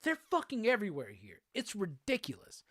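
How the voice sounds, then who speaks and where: High-pitched and brisk, this Southern US host's voice swoops wildly in pitch and has a slightly bright tone. He casually chats through viewer comments on a live stream, swearing freely and laughing often. The recording is dry and studio-clean.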